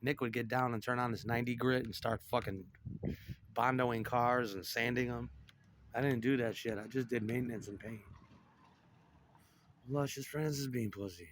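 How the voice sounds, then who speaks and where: A man's voice: medium pitch, fairly even intonation, moderate pace, pauses often, a little hiss or hum. A middle-aged man in a profane, rambling monologue that jumps from topic to topic.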